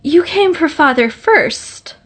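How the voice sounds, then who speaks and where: A woman's voice: expressive, fairly bright tone, full character voice. Woman doing an eager little peasant girl. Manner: breathless, pleading, high and quick. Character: eager poor girl of eleven.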